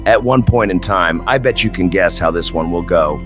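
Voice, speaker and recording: A man's voice: low-pitched, moderate pace, fairly bright tone, faint music behind. A man narrating a documentary in a dry, sarcastic tone. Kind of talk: scripted narration.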